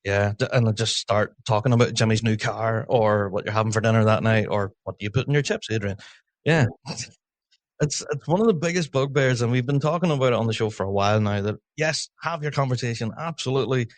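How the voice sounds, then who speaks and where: A man hosting a podcast in casual chat, talkative and quick to laugh. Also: medium pitch, no echo. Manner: chatty, laughs often, quick asides. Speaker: podcast host.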